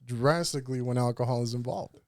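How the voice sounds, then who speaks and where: A man's voice: medium pitch, fairly quick, dry recording. A man, a former bouncer, joking around in casual podcast chat and swearing freely. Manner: joking, laughs between lines, swears.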